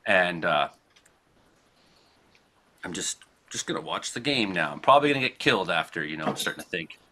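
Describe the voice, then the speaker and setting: A man from Canada, hosting a casual talk show, telling a rambling, profane story with frequent laughs and acted-out shouted quotes. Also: low-pitched, very animated, fairly quick, slight background noise. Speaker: podcast host.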